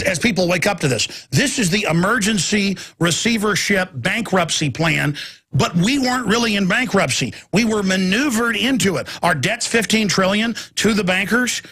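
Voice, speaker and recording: Man, talk radio host, high-pitched, husky, ranting monologue. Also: moderate pace, bright, forceful tone. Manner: intense and ranting, with repeated phrases and stammered restarts.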